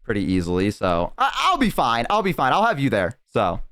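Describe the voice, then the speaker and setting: A man streaming from home, chatting casually and telling a story with lively acted-out quotes. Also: medium pitch, brisk. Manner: animated storyteller, acts out quoted voices. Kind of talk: casual chat.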